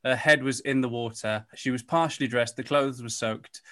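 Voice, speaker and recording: A man hosts a podcast and talks through a story in a relaxed, chatty way. He hesitates often and restarts his sentences. His voice sits in a middle pitch. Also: moderate pace. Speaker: podcast host telling the case. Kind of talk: casual storytelling chat.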